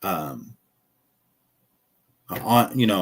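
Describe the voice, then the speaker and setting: Rambling, cussing low-voiced male streamer. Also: slow, pauses often. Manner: rambling, profane, jokey asides. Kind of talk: casual live-stream commentary.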